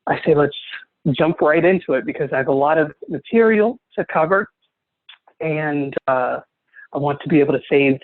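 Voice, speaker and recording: A man, a spiritual teacher, presenting a live online training in an earnest, gently flowing way over a video call. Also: medium pitch, no echo. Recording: tinny phone-like audio, dry.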